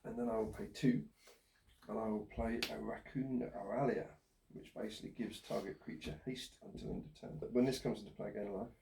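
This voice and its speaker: Man, gravelly voice, matter-of-fact card game player, roomy echo. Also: lowish voice, steady tone, brisk, mellow, a little hiss or hum. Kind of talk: casual tabletop game play. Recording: echoey room.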